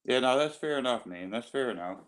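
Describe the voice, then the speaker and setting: A man's voice: medium pitch, expressive, a little fast. A man with an Australian accent, a guest on a livestream, talking in a laid-back, rambling way full of "yeah, no". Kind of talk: casual chat.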